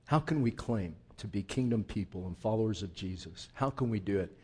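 A man's voice: fairly low pitch, fairly quick, darkish tone, slightly rough. A man preaching a sermon as pastor, full of rhetorical questions and rising outbursts.

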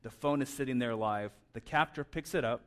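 A man's voice: mid-range voice, a little fast, a bit bright. A man preaching a sermon in a conversational way, often stammering and repeating words. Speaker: pastor.

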